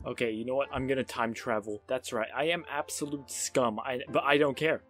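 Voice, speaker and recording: A man giving casual, sarcastic let's-play commentary on a strategy game, with excitable outbursts and self-mocking asides. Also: mid-range voice, a little fast, faint music behind. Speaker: gaming YouTuber.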